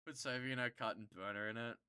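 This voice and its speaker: A streamer talks casually to viewers, rambling and cursing freely, quickly getting worked up and loud. The voice is bright and sharp with a smooth, clean tone. The sound is close and dry. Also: mid-range voice, no room sound. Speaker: streamer answering chat.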